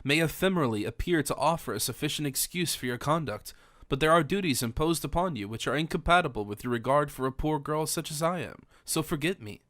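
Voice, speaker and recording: A man's voice: on the high side, animated, a little fast, fairly bright tone, no room sound, studio quality. A man voicing a distraught, devout young woman in an audiobook, pleading in formal old-fashioned speech. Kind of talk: audiobook character reading.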